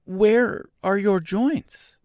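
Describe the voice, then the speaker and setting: A man's voice: high voice, sing-song, slow, no echo, studio quality, voice pushed up, exaggerated voice. A man voicing a polite, timid young girl in a storybook reading, with a careful, earnest delivery. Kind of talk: storybook character voice.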